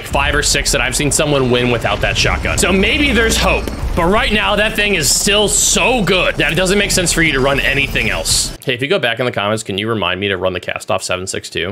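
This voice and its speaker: A young man giving excitable, sarcastic commentary while spectating a shooter game, teasing the players he watches. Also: medium pitch, noisy background. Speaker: gaming YouTuber commentating.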